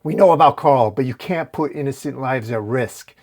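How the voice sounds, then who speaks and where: A man's voice: medium pitch, moderate pace, darkish tone, natural voice. A man voicing a wisecracking young male superhero in a comic recap, full of jokes. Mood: quippy. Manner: joking, quippy.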